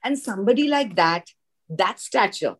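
A woman from India, an actress, telling an animated story in a casual interview, acting out the dialogue. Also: mid-range voice, moderate pace, breathy edge. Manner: animated anecdote with acted-out dialogue and laughs. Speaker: guest actress.

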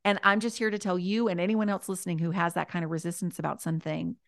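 A woman, a guest author, chatting casually and warmly, repeating her key points as she gives encouraging advice. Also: fairly low pitch, flat delivery, fast, creaky, no room sound, studio quality.

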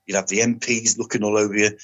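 An older man, a former soldier and police officer, recounting stories in a matter-of-fact, unhurried way as a podcast guest. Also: fairly low pitch, flat delivery, fairly bright tone. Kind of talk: casual storytelling. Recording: dull lo-fi audio.

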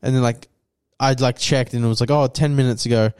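A man's voice: medium pitch, fairly even intonation, fairly quick, a little mellow, smooth, dry recording, studio quality. A young adult man with an Australian accent, co-hosting a casual podcast chat in a laid-back, swearing, filler-heavy way. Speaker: podcast co-host.

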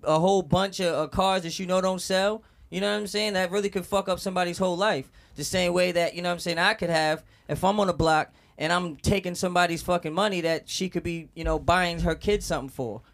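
A man's voice: sits high, steady tone, a little fast, few pauses. A man on a casual podcast, rambling with lots of "you know" and "like", swearing freely. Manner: rambling, heavy filler words, profane. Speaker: podcast co-host.

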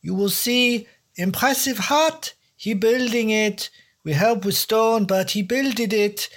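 A man's voice: sits high, takes it slowly, fairly bright tone, voice pushed up, exaggerated voice. A man reading a story aloud and voicing a blunt Norwegian villager and boatman who speaks broken English with a put-on Norwegian accent.

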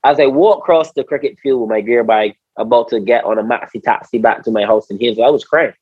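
A man from Barbados with a Barbadian accent, a former cricketer telling stories in a casual conversation, animated, slangy and repeating his words. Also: medium pitch, quick pace, husky, dry recording, phone-quality sound. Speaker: interview guest, former cricketer.

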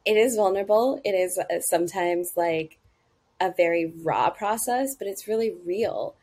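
A middle-aged woman talking about her consulting work in a casual interview, with an animated way of leaping up in pitch for emphasis. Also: normal speed. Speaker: guest, marketing consultant.

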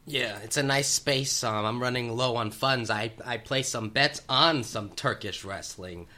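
Bright-voiced man playing a broke gambler roommate. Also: mid-range voice, a little slow. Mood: offhand.

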